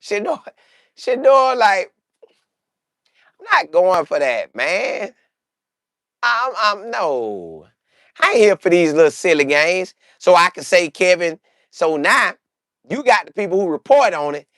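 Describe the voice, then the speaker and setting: A man talks football in a casual, joking, slangy way, and his pitch jumps all over the place. He sounds close to the mic in a dry, deadened space. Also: big pitch swings, measured pace, long pauses, pushed and bright, no room sound. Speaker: sports commentator. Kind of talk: casual sports commentary.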